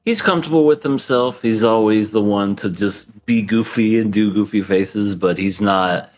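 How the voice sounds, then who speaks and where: A man's voice: lowish voice, normal speed, soft background music. A man co-hosting a podcast in casual chat, laughing often and acting out scenes. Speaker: podcast co-host.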